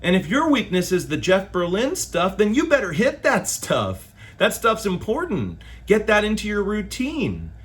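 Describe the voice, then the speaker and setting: Animated bass player man, lively pitch. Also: moderate pace, few pauses. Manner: animated and loose, with slang and swearing. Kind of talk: casual opinion monologue to camera.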